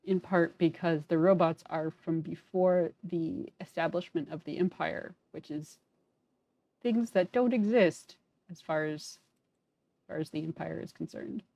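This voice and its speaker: A woman's voice: deep voice, a little slow, vocal fry, warm tone, no echo, lo-fi sound. A woman casually commenting while playing a story game, chatty, wry and self-deprecating. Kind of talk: casual let's-play commentary and character reading.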